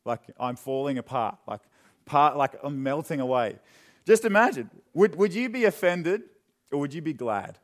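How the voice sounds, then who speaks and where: Man preaching, joking to quiet earnest. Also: on the high side, expressive, normal speed. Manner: conversational and joking, with sudden drops to quiet earnestness. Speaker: pastor. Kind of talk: sermon. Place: church hall.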